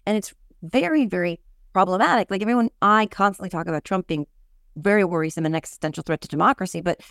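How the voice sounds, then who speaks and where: A woman co-hosting a casual political chat, talking in an animated, digressive way with many fillers and restarts. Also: fairly low pitch, fast talker, dry recording, clean studio sound.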